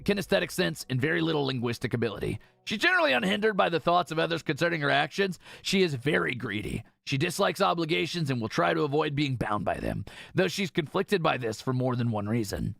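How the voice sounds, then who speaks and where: Brief: male game streamer, very gravelly fry, lively swooping delivery, dry close sound. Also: a little high, no echo. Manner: animated, reads game text aloud with excited asides. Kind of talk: casual gameplay commentary.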